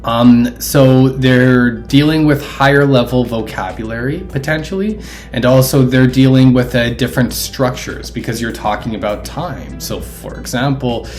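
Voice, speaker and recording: A man who teaches English, sharing classroom activity tips in a relaxed, casual way, with frequent ums and uhs. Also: medium pitch, moderate pace, faint music behind.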